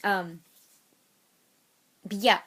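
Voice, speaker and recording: A woman talking to camera in a casual vlog, rambling and chatty. She keeps correcting herself and restarting her sentences, at an ordinary middle pitch. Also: steady tone, extremely slow, a bit bright, husky. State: out of breath. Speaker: vlogger.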